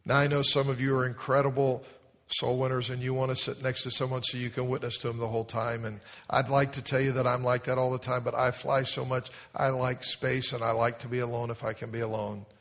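A man's voice: mid-range voice, a little fast. Man preaching in a reverberant church. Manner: animated storytelling, emphatic. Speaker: pastor. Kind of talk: sermon. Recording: long hall reverb.

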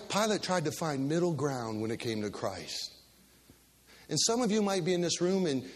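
A male preacher giving an emphatic sermon, reading scripture and calling on the room to finish phrases, heard with a long hall reverb. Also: slightly rough. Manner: call-and-response, emphatic, dropping low for gravity.

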